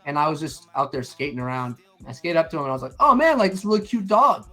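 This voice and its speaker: A middle-aged stream co-host with a fairly high, fast voice chats casually, telling animated stories, acting out what people said, and swearing a lot.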